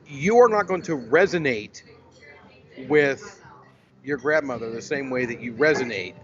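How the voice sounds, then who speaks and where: A man's voice: mid-range voice, animated, dull audio, crowd noise. A man co-hosting a business podcast in casual chat, joking around between points. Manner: joking, quick to laugh. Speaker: podcast co-host.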